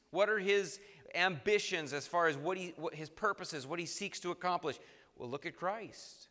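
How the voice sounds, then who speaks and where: A man preaching a sermon, earnest and halting, with repeated restarts, reading scripture aloud. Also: high-pitched, sharp tone. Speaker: pastor. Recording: long reverb of a hall.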